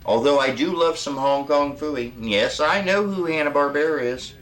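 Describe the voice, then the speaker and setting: A man's voice: a little high, moderate pace, a bit bright. A man hosting a comedic horror film show, sarcastic and rambling, bickering with an off-mic sidekick. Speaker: host.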